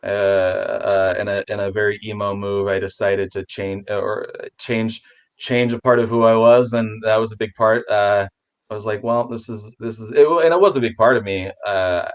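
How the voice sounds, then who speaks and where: A man who is a guest on a casual video chat, rambling with restarts, talking warmly about his pets. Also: lowish voice, steady tone, moderate pace, smooth, dull audio.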